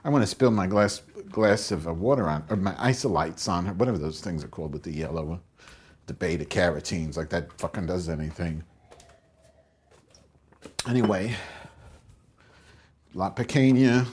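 A man's voice: lowish voice, moderate pace, pauses often, breathy edge. A man hosting his own show, rambling through crude comic stories and acting out both sides of conversations. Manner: crude, rambling, acts out quotes in raised voice. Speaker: podcast host.

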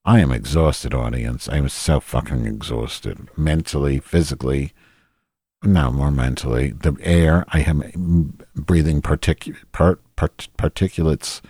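A man's voice: rumbling low, fairly even intonation, a little slow, dark tone, breathy edge, no echo, clean studio sound. A man hosting a solo podcast in a rambling, profane, self-deprecating monologue. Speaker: podcast host.

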